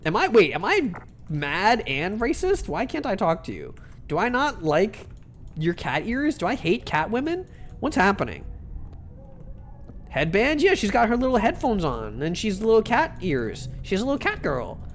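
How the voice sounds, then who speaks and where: Young guy vtuber rambling on stream, kinda high voice, cursing, faint hiss behind. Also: wildly swooping pitch, normal speed. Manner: rambling, self-interrupting, joking and profane. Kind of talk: casual live-stream chat while gaming.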